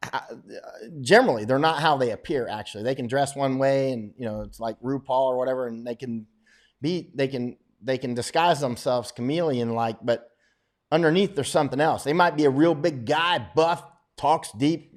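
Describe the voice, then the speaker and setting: A middle-aged man holds forth in a loose, rambling monologue to his viewers. He is blunt and a little boastful, with an average-pitched voice, and often chuckles at his own remarks. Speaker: war correspondent. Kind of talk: casual livestream monologue.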